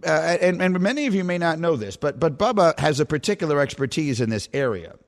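A man from New York hosting sports talk radio, animated and joking. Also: fairly high pitch, brisk.

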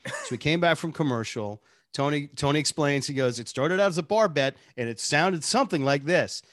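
A man, a radio show producer, telling animated stories in casual interview chat and laughing often. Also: on the high side, a little fast, dry recording, studio quality.

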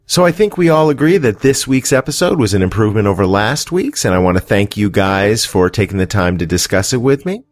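A man's voice: on the low side, sing-song, fairly quick, hardly any pauses. A man hosting a casual podcast chat, dry and teasing. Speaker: podcast host.

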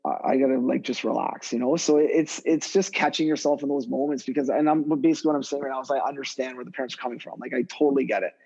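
A man, a guest hockey skill development coach, talking casually on a podcast in a rambling, animated way full of fillers and restarts. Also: medium pitch, fast, creaky, few pauses, husky, dull audio.

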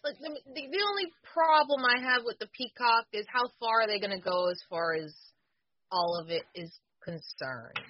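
A woman's voice: fairly high pitch, normal speed, no room sound, highs cut off. A woman who used to wrestle, talking bluntly on a casual podcast. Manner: blunt, argumentative. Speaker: former wrestler, podcast co-host.

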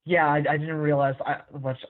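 A man's voice: on the high side, level tone, normal speed. A man chatting casually on a music podcast, blunt and swearing casually. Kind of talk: casual chat. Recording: tinny phone-like line.

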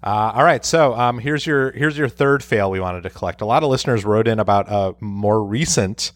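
Man, podcast co-host, very low voice, dry studio sound, teasing wit. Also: moderate pace, no room sound. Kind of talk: casual chat.

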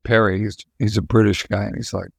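A man's voice: lowish voice, steady tone, brisk, gravelly, husky, no room sound, studio quality. An older man, a musician guest, telling long candid stories in a casual interview, rambling with restarts.

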